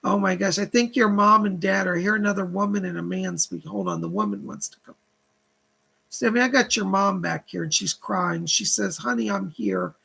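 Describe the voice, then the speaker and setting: A man's voice: high voice, moderate pace, vocal fry, sharp tone, slightly rough. A man hosting a live psychic reading stream, reading viewer donations and relaying spirit messages in long chains of "she said". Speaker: psychic medium host.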